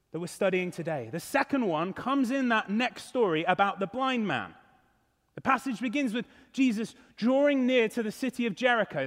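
A male pastor preaching an earnest, emphatic sermon. His voice is high for a man and rings out with a long hall reverb. He leans hard on key words. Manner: earnest, emphatic, rising and falling. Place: church.

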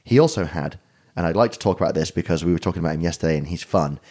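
A man's voice: low-pitched, racing, darkish tone. A man co-hosting a podcast, rambling and joking with casual swearing. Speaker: podcast co-host.

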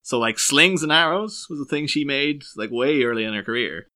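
A man from Ireland with a softened Irish accent blended with English, chatting casually on a podcast and acting out quotes with lots of laughs. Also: medium pitch, normal speed. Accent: softened Irish, mixed with English. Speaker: podcast co-host.

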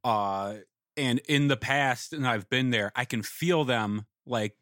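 A man's voice: mid-range voice, slow pace, fairly bright tone, dry recording, studio quality. A man who works as a sound engineer, telling a wry story in casual podcast chat.

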